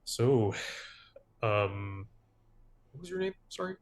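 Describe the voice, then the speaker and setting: A player in a tabletop game speaks in a relaxed, offhand way. His voice is mid-pitched and ordinary, and faint clicking is heard behind him. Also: takes it slowly. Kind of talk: tabletop game role-play.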